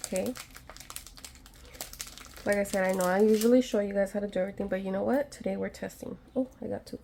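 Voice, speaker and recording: A craft vlogger with a mid-range, mellow voice and vocal fry speaks fast in a steady tone, with a little hiss or hum. Doing a craft repair at home, she chats casually to viewers in a DIY tutorial, sounding a bit nervous and joking self-deprecatingly about her own methods as she works.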